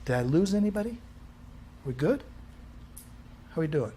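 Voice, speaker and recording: Animated man lecturing a class. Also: fairly high pitch, moderate pace, a little hiss or hum. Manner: quizzing the class with questions, animated. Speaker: instructor. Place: classroom with a live audience.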